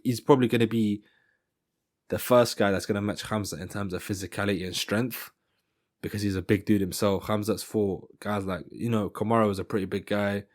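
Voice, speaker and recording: A man's voice: on the low side, fairly even intonation, a little fast. A man giving casual fight commentary in a rambling style, often stopping to correct himself. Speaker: MMA commentator.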